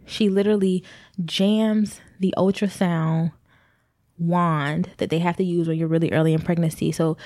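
A young pregnant vlogger candidly tells her viewers a personal story, addressing them directly and rambling a little. Her voice is low, warm, and steady at a moderate pace, recorded in clean studio sound with no echo.

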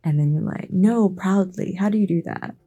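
A woman giving a relaxed late-night fantasy reading, hesitant and chatty, stumbling and breaking off for asides. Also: deep voice, fast, breathy edge. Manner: laid-back, hesitant, self-interrupting. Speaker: bedtime reader.

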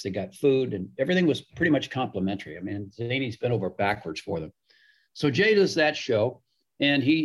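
Husky man telling a story. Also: medium pitch. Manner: chatty, repeats words, acts out quotes. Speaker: guest storyteller. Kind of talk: casual anecdote.

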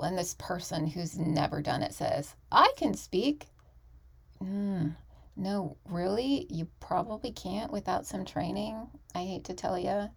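A woman's voice: lowish voice, vocal fry. A woman hosting her own podcast and talking through a casual solo monologue in a candid, emphatic way, often restarting her sentences. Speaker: podcast host.

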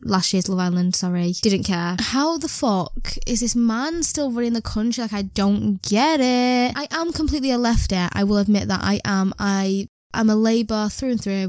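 A woman's voice: fairly high pitch, darkish tone, no room sound. A young British woman with an English accent hosting a solo podcast, rambling from topic to topic and swearing freely. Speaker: podcast host.

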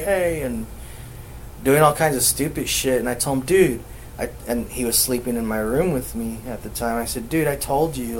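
A man casually telling a ghost story on a podcast, swearing constantly and rambling, acting out quoted lines louder. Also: mid-range voice, a little hiss or hum, rough recording. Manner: profane, rambling, acts out quotes loudly. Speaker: podcast co-host.

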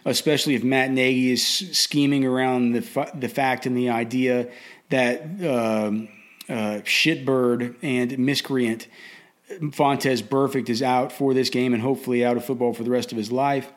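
A man's voice: medium pitch, fairly even intonation, normal speed. A man giving casual fantasy football and betting commentary in a blunt, opinionated way, often restarting and repeating words.

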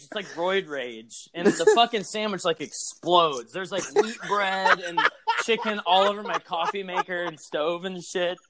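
Young male podcast co-host, fairly high voice, swears freely and acts out his anger mid-story. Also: moderate pace, hardly any pauses, a loud crowd. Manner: animated, profane, acts out his rage. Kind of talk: casual storytelling chat.

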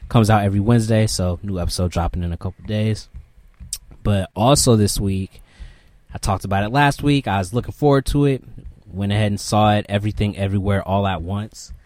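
A young man co-hosting a podcast in casual chat, relaxed and profane as he recounts reactions. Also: lowish voice, fairly quick, no room sound. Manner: relaxed, profane, laid-back storytelling. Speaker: podcast co-host.

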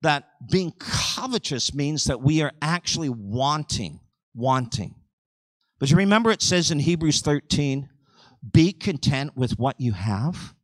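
A male pastor delivering a sermon, swinging between loud, driving surges and quiet, conversational asides. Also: a little high, unhurried, no echo, rough recording. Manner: animated preaching with sudden surges and drops in volume.

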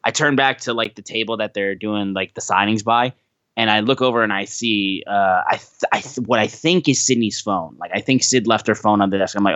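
Young man, podcast co-host, casual storytelling, acts out quotes, slightly low voice. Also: steady tone, brisk, fairly bright tone, no echo, dull audio.

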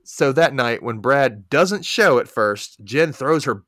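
A man hosting a casual podcast, walking through a movie plot with a lively voice that swings up and down in pitch. He drops sarcastic asides as he goes. The sound is dry and close, with no room echo. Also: slow. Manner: animated storyteller with sarcastic asides. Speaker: podcast host. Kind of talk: casual movie recap chat.

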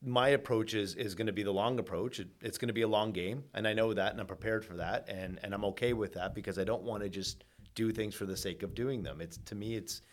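A man, a mortgage agent guest on a podcast, talking in an easygoing, measured way with dry humor. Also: lowish voice. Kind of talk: casual chat.

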